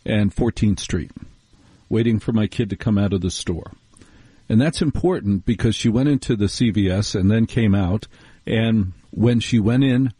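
A middle-aged American man hosts late-night radio in a wry, rambling monologue. His voice is dark and a little husky. The recording is close and dry. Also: fairly low pitch, no room sound. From United States. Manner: chatty, wry, digressive storytelling.

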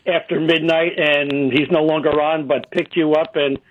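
A man's voice: a little high, steady tone, moderate pace, slight background noise. A man calling in to a radio show, politely correcting the host. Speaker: caller. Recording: tinny phone line.

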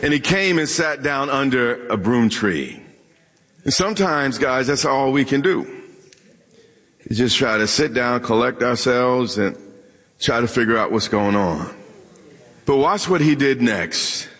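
Speaking at a measured pace, this pastor has a medium-pitched, fairly bright voice with lively intonation. He delivers a humorous sermon, talking straight to the congregation, cracking jokes and posing questions. The church hall, full of listeners, gives the recording a long reverb.

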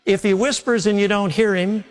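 A man's voice: high voice, fairly even intonation, normal speed, big-room sound. A man preaching a sermon as pastor, mixing scripture with humorous homespun stories in a conversational way.

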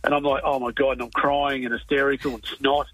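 A man's voice: medium pitch, flat delivery, fairly bright tone, dry recording, faint music behind, poor audio. A man with an Australian accent phoning in to tell a story about himself. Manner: self-mocking, fast storytelling. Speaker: caller. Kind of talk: telling a story on air.

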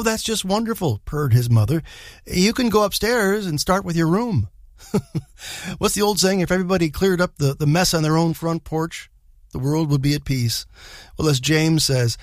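A man's voice: on the high side, no room sound. A male radio host telling a light anecdote in a folksy, casual way.

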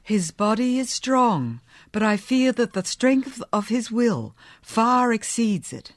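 Woman voicing a soft-spoken troubled young wife. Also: on the high side, very animated, slow, dry recording, clean studio sound, voice pushed up. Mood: earnest.

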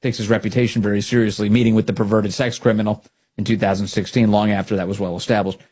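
A man's voice: fairly low pitch, little pitch movement, quick pace, darkish tone, slightly rough. A man hosting a political commentary show, talking in a mocking, sarcastic monologue.

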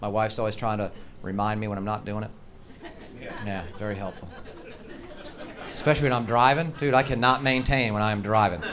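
A man's voice: on the low side, steady tone, a little fast, long pauses, a crowd in the background. A man performing stand-up comedy with profane, mock-angry rants. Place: comedy stage. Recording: noisy live stage recording.

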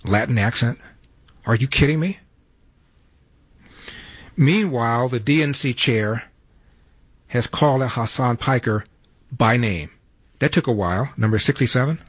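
A man's voice: mid-range voice, a little slow, pauses often, slightly rough, no room sound. A man hosting a talk radio show, delivering brash, wisecracking commentary.

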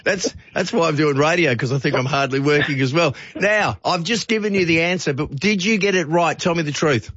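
An Australian man hosting a phone-in radio show, with brisk, jokey, upbeat banter. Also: on the high side, a bit bright, no room sound. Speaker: radio host. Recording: slightly dull radio audio.

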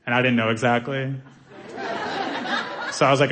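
A man doing stand-up comedy, telling a story in an animated way and acting out the people in it. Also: mid-range voice, moderate pace, long pauses, a crowd in the background, background noise. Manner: animated, acts out characters' voices.

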